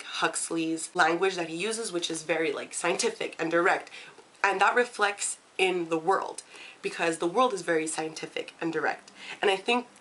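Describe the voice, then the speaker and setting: A woman's voice: lowish voice, fairly bright tone. A young woman reviewing books in a casual vlog, enthusiastic and full of fillers. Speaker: book vlogger.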